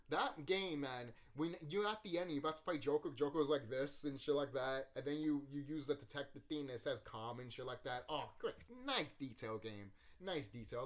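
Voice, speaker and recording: Animated swearing man reviewing a movie. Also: a little high. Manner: animated, swearing, laughing, acting out scenes. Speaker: YouTube channel host. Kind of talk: casual movie review rant. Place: room at home.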